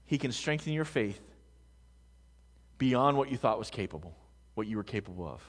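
A man preaching a sermon to a congregation, talking conversationally with rhetorical questions and swinging between hushed words and loud emphasis. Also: mid-range voice, expressive, moderate pace. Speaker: pastor. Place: large room with a congregation. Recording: long hall reverb.

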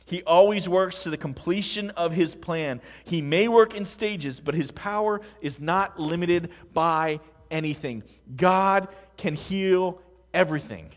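A man preaching a sermon to a congregation, talking conversationally with rhetorical questions and swinging between hushed words and loud emphasis. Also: sits high, unhurried. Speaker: pastor. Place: large room with a congregation. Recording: long hall reverb.

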